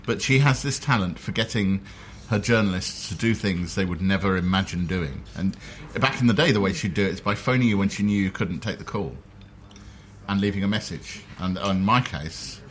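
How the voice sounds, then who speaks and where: A man's voice: low voice, normal speed, a bit bright, a little hiss or hum. A man from South London interviewing a guest over a meal, telling wry, self-deprecating stories. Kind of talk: casual chat over a meal. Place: dinner table. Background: clinking cutlery and dishes.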